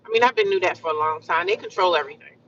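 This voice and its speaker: An American woman chatting casually with her livestream viewers, animated and repetitive, calling them honey and sis. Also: on the low side, rapid-fire, far from the mic, lo-fi sound, a little hiss or hum. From United States. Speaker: livestream vlogger.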